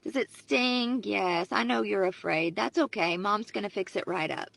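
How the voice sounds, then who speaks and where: A woman voicing a tender mother who gently soothes a hurt child in a soft, consoling way. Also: medium pitch, moderate pace, vocal fry, dry recording. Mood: soothing.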